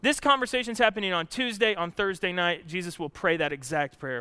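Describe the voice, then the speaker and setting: A man preaching a sermon in an animated way, moving from hushed asides to loud outbursts. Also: sits high, brisk, hardly any pauses, smooth, dry recording. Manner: animated, swings from hushed to shouting, laughs often. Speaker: pastor.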